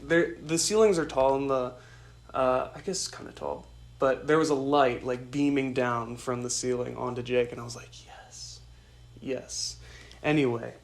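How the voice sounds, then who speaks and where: A man in his twenties hosting a podcast, telling a rambling story in an excitable way and laughing often. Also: mid-range voice, normal speed. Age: 20s. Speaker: podcast host. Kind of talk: casual storytelling monologue.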